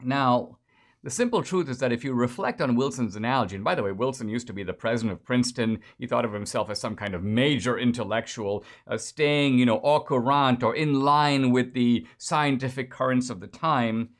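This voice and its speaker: A man's voice: mid-range voice, brisk. A man giving a lecture-style political commentary in a sarcastic, lecturing manner.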